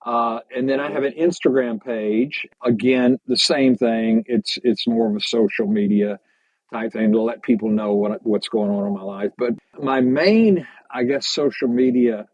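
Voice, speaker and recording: A man's voice: mid-range voice, measured pace, no echo. Easygoing man on a dull remote line. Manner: relaxed, stammers on restarts. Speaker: podcast guest, pastor and hiking YouTuber. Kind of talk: casual interview chat.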